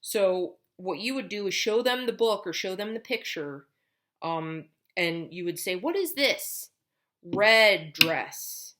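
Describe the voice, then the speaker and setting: A woman speech teacher gives parents an instructional lesson, patiently explaining step by step how to build a child's language at home. She speaks a little slowly in a voice on the low side.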